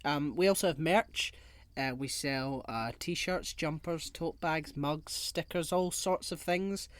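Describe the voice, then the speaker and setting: A man's voice: a little high, slow pace, no echo. A man co-hosting a casual podcast chat, joking and rambling. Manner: jokey, rambling, laughs at own jokes. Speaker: podcast co-host.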